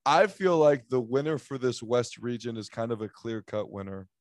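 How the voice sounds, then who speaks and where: A sports podcast host with a medium-pitched, animated voice runs through his picks at a moderate pace in a casual chat. He jokes and rambles with lots of fillers, and the studio sound is clean with no echo.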